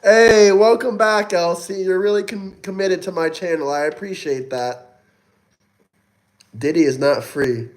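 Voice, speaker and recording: A young man hosts a casual livestream, reading chat and answering viewers one at a time at a measured pace. His fairly high voice carries a mocking, taunting tone, and he swears a lot.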